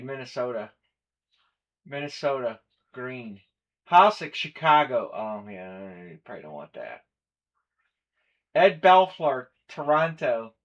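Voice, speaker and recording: A man's voice: a little high, fairly bright tone, muffled recording. A man hosting a live collectibles stream, chatting casually and running through a list of players and teams. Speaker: stream host. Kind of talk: live breaking stream chat.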